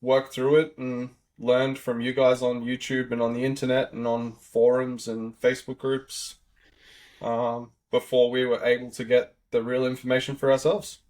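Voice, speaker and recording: A man's voice: mid-range voice, level tone, moderate pace, darkish tone. A man in his thirties with an Australian accent, a podcast guest chatting casually about car repair work, with lots of "like" and "you know" fillers. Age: 30s. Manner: rambling, filler-heavy, easygoing. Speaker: podcast guest, auto technician. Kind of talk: casual chat.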